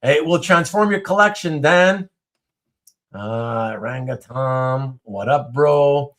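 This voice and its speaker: A man hosting a casual livestream chat, reading viewer comments aloud, with animated speech and stumbling restarts. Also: medium pitch, slow pace. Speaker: host.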